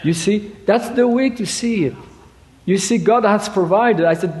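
Male preacher. Halting, stop-start delivery with emphatic peaks. Slightly raised pitch, echoing hall. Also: darkish tone. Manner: halting, repeats words, rises to emphatic quoting. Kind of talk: sermon. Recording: reverberant hall.

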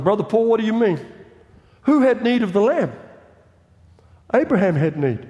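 A man preaching a fervent sermon, building up to shouts as he presses his point. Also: high voice, sing-song, normal speed, pauses often. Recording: long reverb of a large hall.

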